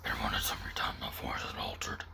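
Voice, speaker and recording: A man voicing a gravelly whispering male survivor in a deep raspy Venom-like whisper, as whispered role-play for a drawing video. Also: fairly even intonation, quick pace, bright, forceful tone, heavily acted. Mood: brooding. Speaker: narrator character.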